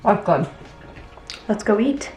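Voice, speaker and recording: A young woman talking casually to camera in a home vlog, chatty and laughing often, her voice sometimes dropping to a soft murmur. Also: medium pitch, expressive, slow, faint music behind. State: teary from crying. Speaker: vlogger. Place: home, indoors.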